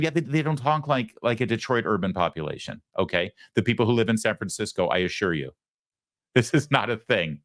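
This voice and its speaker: Animated man hosting a commentary show. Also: fairly low pitch, a little fast, dry recording, clean studio sound. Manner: animated, with frequent stammered restarts. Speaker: host. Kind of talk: opinionated political commentary.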